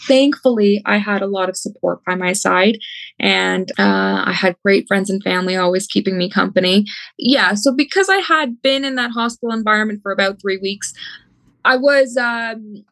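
A woman's voice: mid-range voice, moderate pace, vocal fry, fairly bright tone, no room sound, poor audio. A young woman recounting a personal story in an interview with candid humor. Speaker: guest.

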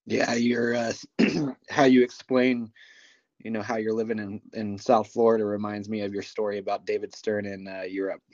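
A man's voice: on the low side, flat delivery, normal speed, darkish tone, no room sound. A man interviewing a guest in a casual chat, giving brief acknowledgments and asking easy questions. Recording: dull, dry podcast audio.

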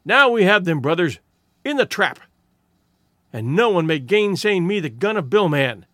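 A man's voice: sits high, expressive, a little fast, fairly bright tone, dry recording. A man reading a stout hunter in a storybook, defiant and boastful. The voice rises and falls freely and is dry.

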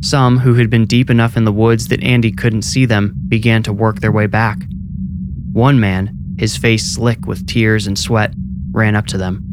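Man narrating a horror story, low voice. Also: flat delivery, moderate pace, noisy background. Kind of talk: scripted horror audiobook narration.

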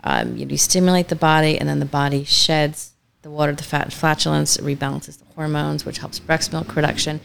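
Female guest expert, steady explainer, very low voice with gravel. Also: fairly quick.

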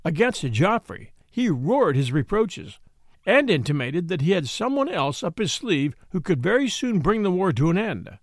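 Guy reading a memoir audiobook for his podcast, kinda high voice, very lively up and down. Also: normal speed, dry recording, clean studio sound. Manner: expressive storytelling, acts out quoted speech. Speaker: podcast host and narrator.

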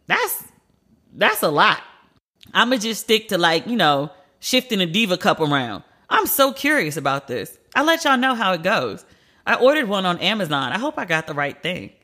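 A woman's voice: a little high, pushed and bright. An American woman hosting a podcast, chatting candidly and telling stories with slangy asides. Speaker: podcast host. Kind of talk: casual solo podcast chat.

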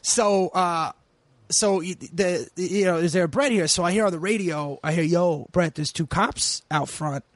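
Comedian, 40s, male, high-pitched, animated and profane, quotes people in character, dry mic. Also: moderate pace, no echo. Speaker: comedian guest. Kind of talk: casual podcast storytelling.

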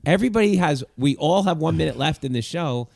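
A male comedian telling a story on a podcast, animated and acting out the people in it. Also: a little high, fast talker, creaky, dry recording.

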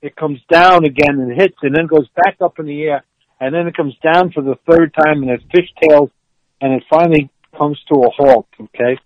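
A man tells an animated story in a fairly high voice, laughing and acting out the quotes. The sound is dry and a bit dull. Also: moderate pace, dry recording. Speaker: former player telling stories. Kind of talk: storytelling interview.

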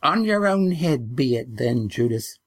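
A man's voice: mid-range voice, big pitch swings, measured pace, pitched above the performer's own voice. A man voicing a suspicious old village grandmother who talks shrilly and accuses everyone. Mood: shrill, accusing. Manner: scolding, accusing.

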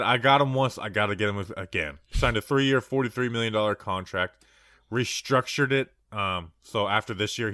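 A man's voice: lowish voice, pushed and bright, dry recording, clean studio sound. A man co-hosting a sports podcast, chatting casually and rambling through stats with plenty of restarts.

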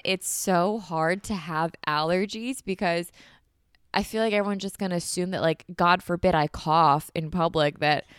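A young woman in her twenties chats through a solo podcast, bubbly and full of "like." Her voice sits a bit low and sounds smooth and clear, slightly congested. The recording is dry and close. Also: fairly bright tone, dry recording. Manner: bubbly, chatty, heavy use of "like". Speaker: podcast host. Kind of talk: casual solo podcast chat.

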